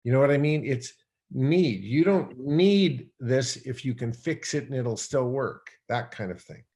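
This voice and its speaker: His voice sits at medium pitch, mellow, with lively intonation and a measured pace. As a podcast guest he spins a personal story in rambling, filler-heavy conversation, performing his earlier thoughts aloud.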